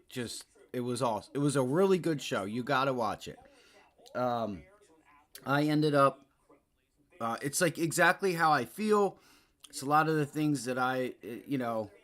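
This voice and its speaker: A man's voice: medium pitch, fairly bright tone. A man hosting a live stock trading stream, chatting casually through the market news in a loose, slangy, rambling way. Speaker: stock trading livestream host.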